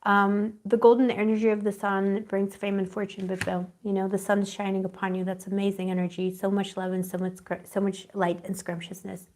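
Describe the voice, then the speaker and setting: A woman's voice: mid-range voice, flat delivery, fairly quick, hardly any pauses. A woman giving a live tarot reading, rambling and affectionate, calling her viewers pet names and searching dreamily for her words. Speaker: tarot reader.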